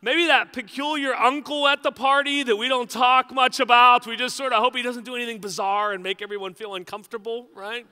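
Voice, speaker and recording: High-voiced, bright-toned male pastor preaching. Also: fairly even intonation, a little fast, few pauses, clear, resonant tone, in a large hall. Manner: conversational and joking, with frequent "right?" asides. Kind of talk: sermon.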